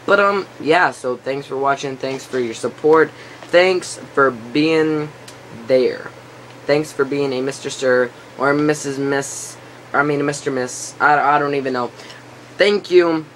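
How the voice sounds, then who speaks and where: A man's voice: medium pitch, unhurried, a bit bright, slight background noise. A teenage boy telling a story to camera in a rambling casual way, full of fillers, his voice breaking and cracking now and then. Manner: rambling, lots of filler and restarts. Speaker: vlogger.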